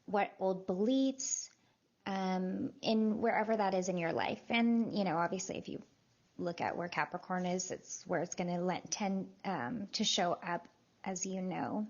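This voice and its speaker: A woman's voice: on the low side, measured pace, darkish tone. A woman astrologer talking casually in a voice note, chatty and full of fillers. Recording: dull lo-fi voice note.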